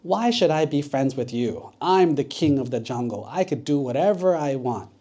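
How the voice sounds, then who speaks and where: Man doing a snooty lion, king of the jungle, dark mellow voice, kids story. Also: medium pitch, expressive, moderate pace, close to an everyday voice. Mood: haughty.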